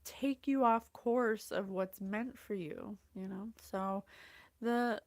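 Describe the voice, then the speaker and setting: A woman psychic reader hosts a casual livestream, gushing effusively and greeting viewers by name as she channels. Her medium-pitched voice is slightly mellow and unhurried, and the recording is dry.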